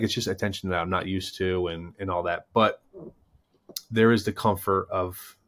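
A man in his thirties, a former baseball player co-hosting a podcast, telling stories in a casual chat. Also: low-pitched. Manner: storytelling, animated anecdotes.

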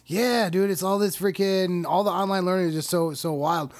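High-voiced joking man, dry sound. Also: normal speed, dry recording. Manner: joking, deadpan dad humor, casual swearing. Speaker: guest, comedian. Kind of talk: casual podcast chat.

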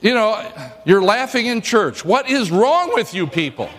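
High-voiced man preaching in a reverberant church. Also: a little slow. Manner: joking, lively storytelling. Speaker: pastor. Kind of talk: sermon.

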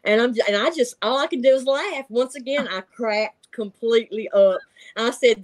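A woman's voice: a little high, normal speed. A middle-aged woman, telling stories in casual chat, laughing often and acting out voices. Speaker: guest telling encounter stories.

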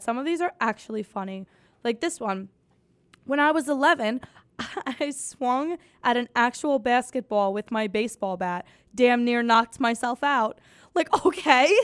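Sarcastic young woman, high voice. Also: clean tone, no echo. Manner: sarcastic, swears freely, mock-quotes others in put-on voices. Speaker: podcast host. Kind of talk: casual comedic chat.

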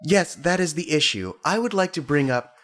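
A man's voice: on the high side, big pitch swings, moderate pace, a bit bright, a little hiss or hum, voice pushed up. A man voicing an odd, eccentric character who speaks in stiff, overly formal sentences.

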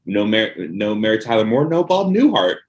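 A man's voice: fairly low pitch, sing-song, moderate pace, a little mellow. A man co-hosting a podcast in casual chat, joking, laughing often and rambling with fillers. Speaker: podcast co-host.

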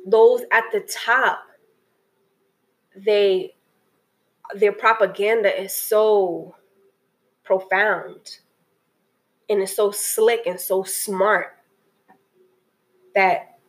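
Over a rough recording, a mid-range female voice gives a casual spoken review of a documentary that touched her, sounding earnest and emotional while often starting her sentences over.

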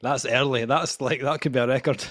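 A man's voice: mid-range voice, steady tone, fairly quick, a bit bright. A man hosting a casual podcast chat, joking and laughing often with his co-host. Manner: jokey, laughs often, teasing.

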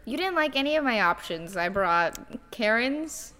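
A woman's voice: on the high side, moderate pace. A young woman co-hosting a podcast, telling a story in casual chat with lots of fillers and acted-out quotes. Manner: animated storyteller, many fillers, acts out quotes. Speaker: podcast co-host.

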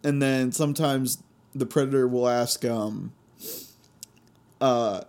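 A young man hosting a casual solo podcast, telling stories in an animated, gleeful way and laughing often. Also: medium pitch, slow. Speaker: podcast host.

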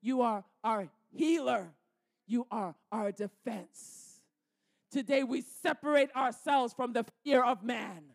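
A woman's voice: a little high, slow pace, vocal fry, darkish tone. A woman pastor leading a fervent prayer, declaring and repeating lines with growing force. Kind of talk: sermon prayer.

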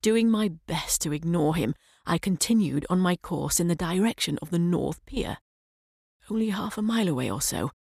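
A woman reading a short story aloud as a measured first-person narration, sometimes dropping to a soft whisper. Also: on the low side, expressive, gravelly, husky, no room sound, studio quality. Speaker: audiobook reader.

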